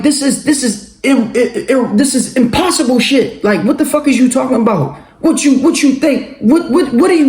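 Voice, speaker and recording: Man, casual storytelling, high voice, profane, animated, echoey room. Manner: profane, animated, laughing often. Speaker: vlogger telling a personal story.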